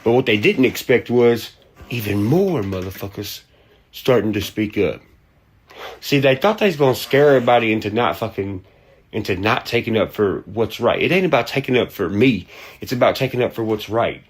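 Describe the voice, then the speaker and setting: A man's voice: on the low side, expressive, normal speed, slightly rough. Profane, heated man. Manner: profane, heated, mocking voices and humming. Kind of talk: profane ranting monologue.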